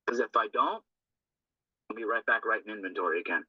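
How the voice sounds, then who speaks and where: A man's voice: fairly low pitch, brisk, dry recording. A man talking earnestly and loosely through a recovery text, often checking in with a tag question. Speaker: recovery group speaker. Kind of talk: informal talk on a recovery text. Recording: dull lo-fi dry recording.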